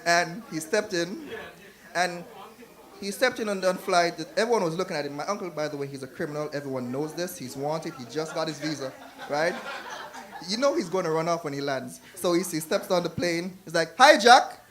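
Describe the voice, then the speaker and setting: A man's voice: on the high side, brisk, a crowd in the background. A man from Jamaica with a Jamaican accent, performing a stand-up comedy set on a club stage and putting on voices for the people in his jokes.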